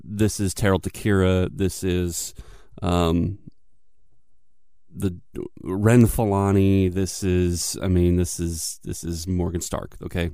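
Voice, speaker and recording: A man's voice: sits low, little pitch movement, takes it slowly, mellow, clean tone, no room sound, clean studio sound. A man rambling jokingly as he introduces his audition. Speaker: voice actor auditioning. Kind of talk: casual audition chat.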